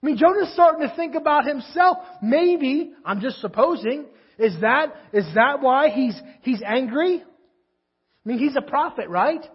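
A man's voice: very high voice, lively intonation, measured pace, lo-fi sound. A man preaching a sermon in a conversational way, asking his listeners rhetorical questions. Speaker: pastor.

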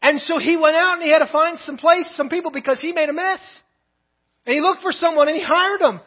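A man preaching a sermon in church, telling a story and dropping soft and low on the words he wants to land. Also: a little fast, muffled recording. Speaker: pastor. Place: church sanctuary.

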